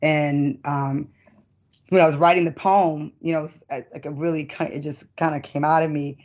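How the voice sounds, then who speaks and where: A middle-aged woman poet who performs spoken-word poetry and talks about her work in an expressive, emphatic way. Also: deep voice, normal speed. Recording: dull lo-fi recording.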